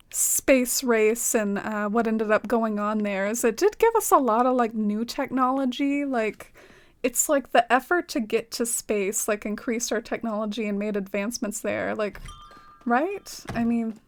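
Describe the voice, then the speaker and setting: A woman's voice: fairly high pitch, lively intonation, normal speed, no room sound. A woman streaming a game, chatting casually and rambling, often saying "like". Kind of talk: casual live-stream chat.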